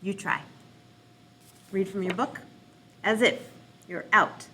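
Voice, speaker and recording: A woman's voice: medium pitch, slight background noise. A woman children's librarian with an American accent, cheerfully encouraging children in a reading lesson. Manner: encouraging, cheerful, slow and expressive.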